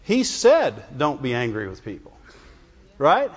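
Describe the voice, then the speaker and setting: A man's voice: mid-range voice, wildly swooping pitch, measured pace. A man preaching a conversational sermon to his congregation, often checking in with "Amen?" and "Right?". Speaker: pastor. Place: church sanctuary. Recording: dull reverberant church recording.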